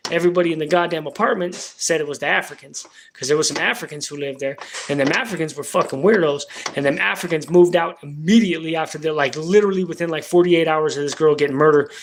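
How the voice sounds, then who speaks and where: A man spinning a long personal story on a livestream, casual and rambling. His talk is full of slang and swearing, with a voice on the higher side for a man. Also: background noise. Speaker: livestream host.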